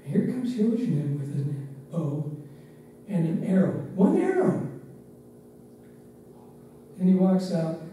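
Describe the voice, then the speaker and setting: An older man, once a driver and staff member, reminiscing in unhurried, reflective anecdotes with pauses. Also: on the high side, animated, mellow. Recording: roomy, distant mic, faint background noise.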